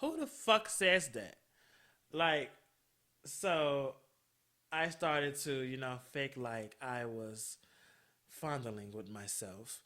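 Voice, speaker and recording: A male podcast host tells a personal story in a loose, chatty monologue. His voice has a very bright, sharp edge, and he takes his time, drawing out words. He swears freely and laughs along as he talks. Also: mid-range voice, takes it slowly, long pauses.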